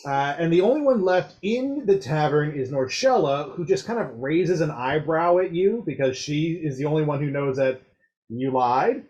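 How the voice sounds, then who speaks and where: A man narrating as dungeon master in a relaxed, unhurried way with fillers. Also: fairly high pitch, dull audio. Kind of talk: narrating a tabletop game.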